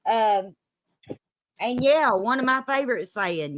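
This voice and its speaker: A woman's voice: a little high, animated, unhurried, fairly bright tone, dry recording. Kentucky-accented woman host, dry close mic. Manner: folksy, laughs often, uses Southern sayings. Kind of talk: casual chat on a live stream.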